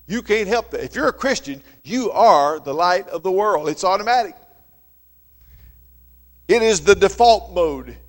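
Preacher in an echoing hall. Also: male voice, a little high. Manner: earnest preaching that swells loud and drops soft. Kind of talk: sermon.

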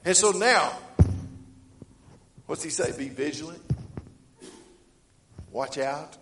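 A man preaching a sermon, reading scripture and swinging between loud emphatic lines and quiet ones. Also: very animated, takes it slowly, long pauses, echoey room. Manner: rises to loud emphatic preaching, then drops low; reads scripture aloud in old-fashioned wording. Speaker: pastor.

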